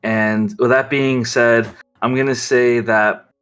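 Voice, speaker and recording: A man's voice: medium pitch, fairly even intonation, slow pace, fairly bright tone, smooth. A man narrating as game master of a tabletop game, rambling with many fillers.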